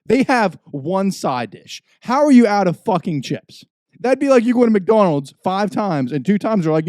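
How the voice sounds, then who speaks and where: With big swings in pitch and a moderate pace, a young man hosting a podcast tells a ranting, profane story in casual chat, alternating between muttering low and bursting out loud. No echo is present.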